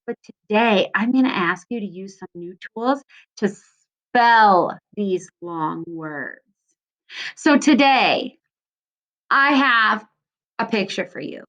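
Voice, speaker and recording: A woman's voice: fairly high pitch, fairly bright tone, highs cut off. A woman teacher giving a recorded lesson to young children, stretching out syllables in a sing-song way. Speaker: second grade teacher.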